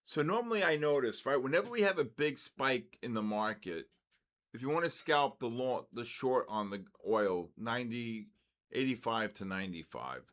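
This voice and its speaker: An older man calls the markets live for his viewers, blunt and quick to get excited, tossing off asides as he answers the chat. His voice sits in a plain middle register. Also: mid-range voice. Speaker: trading stream host.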